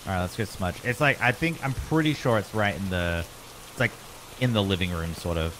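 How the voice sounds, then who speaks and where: A man calmly directing a teammate through a horror game. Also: low-pitched, fairly quick. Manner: calm, directing the team. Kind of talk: casual gaming chat. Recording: noisy stream audio.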